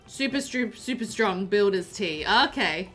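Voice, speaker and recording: Bright, chatty woman streaming a game. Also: medium pitch, animated, measured pace, soft background music. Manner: chatty, rambling, laughs often. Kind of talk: live gameplay commentary and chat reading.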